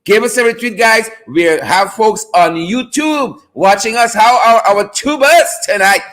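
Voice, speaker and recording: Guy hosting a live stream, high bright voice, loud and playful, chanting catchphrases. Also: a little slow. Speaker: live show host. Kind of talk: hyped live stream chat.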